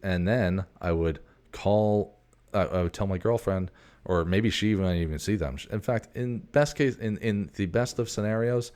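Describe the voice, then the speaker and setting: Host, male, 40s, very low voice, loose profane rambling monologue, digressive. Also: moderate pace, darkish tone.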